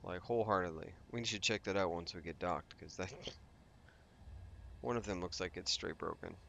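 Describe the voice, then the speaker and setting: A man's voice: sits low, moderate pace, gravelly, sharp tone, slight background noise. A man hosting a let's play, giving casual gameplay commentary and thinking aloud as he rambles through his plans with restarts and asides.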